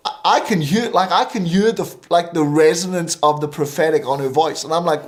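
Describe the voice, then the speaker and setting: A man's voice: fairly high pitch, fairly quick, few pauses. A middle-aged man, a minister, telling a story in a talk show interview, full of fillers and restarts. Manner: lively anecdotal storytelling with many fillers. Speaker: guest minister.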